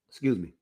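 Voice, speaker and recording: A man hosting his own podcast, talking to his listeners in a casual motivational monologue, animated and laughing often. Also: fairly low pitch, vocal fry, breathy edge. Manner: animated, laughs often, talks straight to the audience. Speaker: podcast host.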